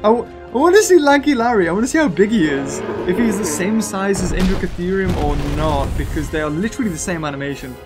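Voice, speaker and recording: Excitable British man, very lively pitch. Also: quick pace, hardly any pauses, over loud music. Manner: excitable, gushing, laughs between lines. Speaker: gaming video host. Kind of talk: excitable gameplay commentary.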